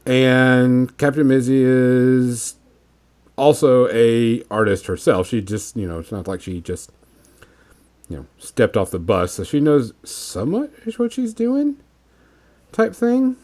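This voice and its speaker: A man's voice: medium pitch, slow. Easygoing male podcast host. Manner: relaxed, rambling with many fillers. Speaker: podcast host painting miniatures. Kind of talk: casual podcast chat.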